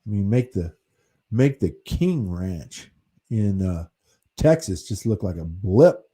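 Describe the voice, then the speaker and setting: Slow, husky American man chatting. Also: fairly low pitch, sing-song, warm tone. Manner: rambling, easygoing, swears casually. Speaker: channel host reading chat. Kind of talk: casual livestream chat.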